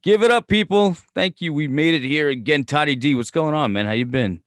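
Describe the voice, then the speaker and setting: A man's voice: brisk, fairly bright tone, no room sound, studio quality. Profane, rambling podcast host man. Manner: profane, rambling, mumbled low asides. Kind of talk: casual chat, storytelling.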